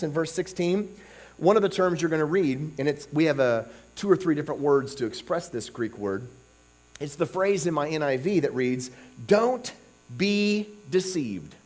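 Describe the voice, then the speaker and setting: Casual chatty preacher guy, voice jumps all over, goes quiet then loud, keeps saying okay. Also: on the high side, lively intonation, fairly quick. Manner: conversational, peppered with "okay?" and "you know"; swings between soft asides and loud emphatic bursts. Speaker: revival preacher. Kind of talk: sermon.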